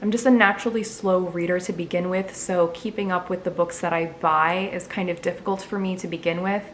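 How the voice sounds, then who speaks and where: Young woman vlogging casually, says "like" a lot, slightly low voice. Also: steady tone, brisk, slight background noise. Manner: chatty, lots of "like" fillers. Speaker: book vlogger. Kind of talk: casual Q&A vlog.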